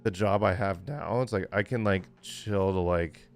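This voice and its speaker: A man's voice: low voice, normal speed, a little hiss or hum. A man in his forties, tired, chatting casually and rambling with lots of fillers while streaming a game. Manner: rambling, many fillers, chuckling often. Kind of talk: casual gaming livestream chat.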